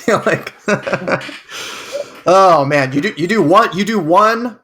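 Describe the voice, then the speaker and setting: A man co-hosting a podcast in casual chat, laughing often and talking in a halting way. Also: high voice, lively intonation, pushed and bright, slight background noise. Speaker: podcast co-host.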